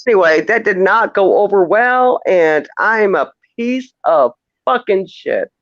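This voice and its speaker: A man's voice: high voice, animated, measured pace, a bit bright, no room sound. Flustered guy on a dull lo-fi call line, voice swings up and down a lot, keeps stammering and cussing. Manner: rambling, flustered, swearing, stammering restarts. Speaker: caller. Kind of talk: casual call-in chat.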